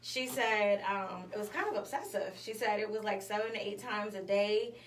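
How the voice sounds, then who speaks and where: A woman's voice: medium pitch, moderate pace. A woman hosting a morning show, telling a story in casual chat with lots of fillers. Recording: echoey room, mic at a distance, faint noise.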